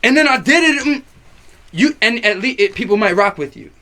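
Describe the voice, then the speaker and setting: During a casual chat, a young male guest with a slightly high voice tells a rowdy story at a brisk pace. He swears freely, acts out the people he quotes, and swings between loud bursts and quiet asides, yet the mood stays relaxed.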